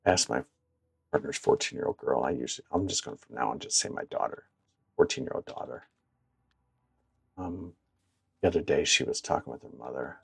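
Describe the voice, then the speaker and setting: A man giving casual gameplay commentary that turns into blunt, profane, animated stories, recorded on a clip-on mic at home. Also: rumbling low, fairly quick, vocal fry, pauses often, slightly rough, no room sound, studio quality. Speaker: gaming streamer. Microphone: wireless clip-on mic.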